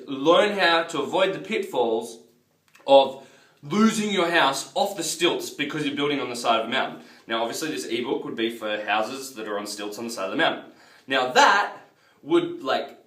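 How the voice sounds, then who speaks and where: Male business coach, loose and chatty, slightly high voice, recorded far off in a roomy space. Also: a bit bright. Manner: chatty, loose, repeats himself, addresses viewers as guys. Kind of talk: casual marketing lesson to camera.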